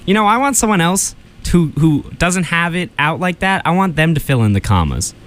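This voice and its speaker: A man's voice: on the high side, very animated, normal speed, a bit bright. A young man hosting a college radio show, chatting casually and restarting sentences as he goes.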